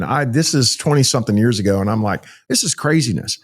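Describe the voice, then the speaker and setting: A middle-aged man recounting a story as a podcast guest, with a pitch that sits mid-range for a man. He tells it vividly and earnestly, acting out what each person said and repeating phrases for emphasis. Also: expressive, quick pace. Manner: vivid, acts out dialogue, repeats himself. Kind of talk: emotional storytelling in conversation.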